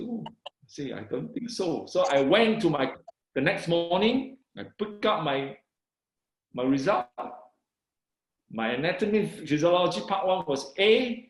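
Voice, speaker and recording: A middle-aged man from Malaysia tells his life story with lively, swinging pitch and a slightly high voice. He repeats small phrases and slows right down to read scripture with emphasis. The room around him is echoey. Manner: excited, repeats "I said" and "you know", reads scripture with slow emphasis. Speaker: guest sharing his testimony. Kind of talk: animated personal testimony.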